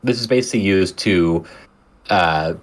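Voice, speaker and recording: Deep-voiced man, calm agreeing co-host. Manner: short agreeing replies, measured with fillers. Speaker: podcast co-host reviewing a film. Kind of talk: casual chat.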